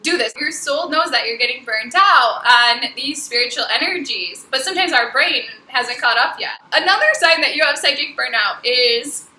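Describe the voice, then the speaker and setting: High, bright-voiced chatty woman. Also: animated, normal speed, few pauses, reverberant, rough recording. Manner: chatty, full of "like", acts out quoted voices. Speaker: psychic giving spiritual advice. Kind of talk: casual talk to camera.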